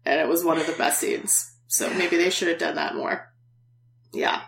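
A woman's voice: sits low, normal speed, creaky, a bit bright, slight background noise. A woman podcast host casually recapping a TV episode, chatty and laughing often.

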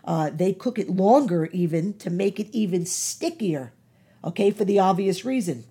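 A woman's voice: medium pitch, animated, moderate pace, mellow, husky. A woman giving informal nutrition advice, emphatic, repeating key words and using many fillers. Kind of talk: informal health talk.

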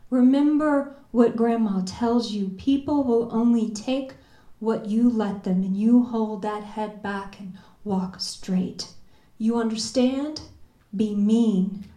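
A woman voicing her fierce, loving old grandmother from Kentucky, speaking in slow, emphatic commands, recorded in an echoey room. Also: fairly high pitch, warm tone.

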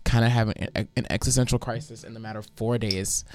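A young man, a teacher, telling animated stories in casual chat, swearing and laughing often. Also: medium pitch, a little fast, few pauses, clear, resonant tone, no room sound. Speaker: teacher and podcast co-host.

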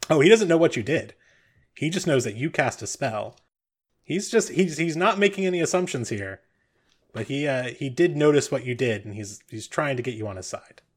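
A man's voice: medium pitch, lively intonation, moderate pace. A man narrating a tabletop game as game master, loose and rambling, with many fillers.

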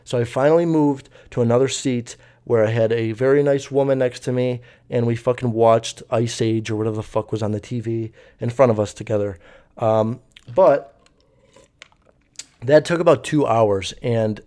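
Full of fillers and frequent swearing, a young man rambles through a story in a laid-back way. His voice has a medium pitch and a dark tone.

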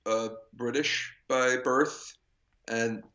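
A man's voice: medium pitch, fairly even intonation, extremely slow, sharp tone, highs cut off. A man co-hosting a casual chat, rambling with many fillers and restarts, and laughing easily.

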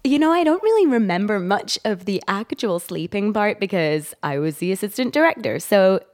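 A woman's voice: mid-range voice, very animated, moderate pace. A woman, an actor and director, chatting as a podcast guest in a rambling, laugh-prone way. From England. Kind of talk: casual interview chat.

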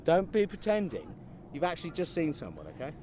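An excitable man trades improvised comedy banter on a podcast. His voice sits high and leaps around in pitch. He talks outdoors on a hill. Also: fairly quick, slight background noise. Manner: excitable, playful. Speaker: podcast co-host.

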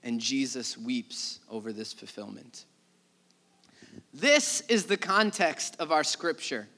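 A man preaching a sermon, telling the story in a conversational, animated way with acted-out asides. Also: mid-range voice, takes it slowly. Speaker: pastor.

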